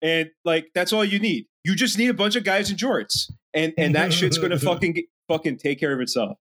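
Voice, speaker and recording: A man co-hosting a podcast in casual chat, profane and rambling, slipping into animated impressions. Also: fairly high pitch, fairly quick. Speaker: podcast co-host.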